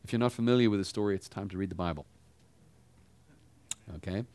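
Lower-voiced man preaching conversationally. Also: quick pace, a little mellow, smooth, dry recording. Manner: conversational preaching with rhetorical questions. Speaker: pastor. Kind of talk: sermon.

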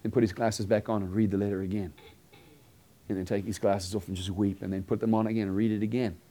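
A man preaching a sermon, earnestly telling a story and acting out the dialogue, sometimes dropping to a hushed tone. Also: fairly low pitch, little pitch movement, quick pace.

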